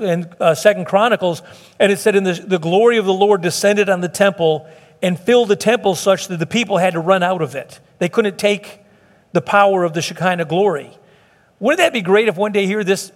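A middle-aged man, preaching a sermon in a conversational way, often acting out quotes and restarting. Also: high voice. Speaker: pastor. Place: church sanctuary. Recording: long hall reverb.

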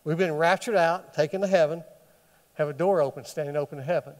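A man's voice: fairly high pitch, quick pace, a little mellow. A man teaching a Bible study sermon who keeps asking the listeners questions and then answers them himself. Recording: long hall reverb.

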